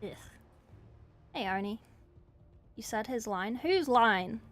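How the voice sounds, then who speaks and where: Slow-talking woman streamer. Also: on the high side, animated. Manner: chatty, self-deprecating, swears, giggly. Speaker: streamer painting miniatures. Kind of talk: casual livestream chat.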